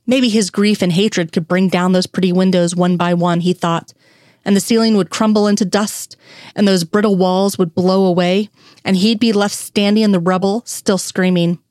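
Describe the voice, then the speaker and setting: A woman narrating a story aloud in a steady, even reading voice on a close mic. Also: medium pitch, no room sound. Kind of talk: audiobook-style story reading.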